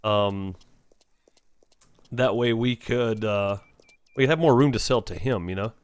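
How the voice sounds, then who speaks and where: A man's voice: on the low side, slow pace, clean tone, no echo. A man hosting a gaming channel, giving casual let's-play commentary and thinking aloud with many fillers.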